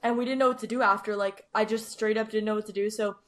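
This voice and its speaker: A woman's voice: mid-range voice, fairly even intonation, quick pace, a bit bright. A young woman co-hosting a podcast in casual chat, gushing and filling her talk with "like". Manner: gushing, heavy use of "like". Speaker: podcast co-host.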